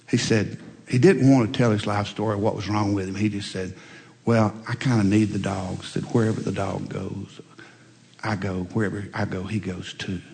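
A man preaching a sermon, telling folksy stories and swinging between loud emphatic lines and quiet asides. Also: fairly high pitch. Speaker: pastor. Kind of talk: sermon with storytelling. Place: church sanctuary. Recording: long reverb in a large hall.

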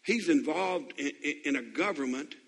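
A man's voice: a little high, lively intonation, moderate pace, breathy edge, long reverb tail. A man preaching a sermon as pastor, questioning his congregation and building to impassioned appeals.

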